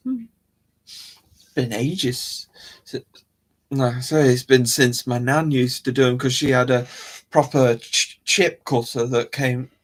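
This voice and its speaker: This man's medium-pitched voice moves slowly, with frequent pauses. He's hosting a casual livestream, rambling to viewers and often abandoning sentences only to begin them again.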